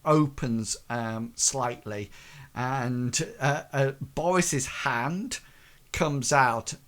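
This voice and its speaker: A man's voice: medium pitch, very slow, a bit bright. A man narrating a tabletop game as game master, hesitant and full of fillers.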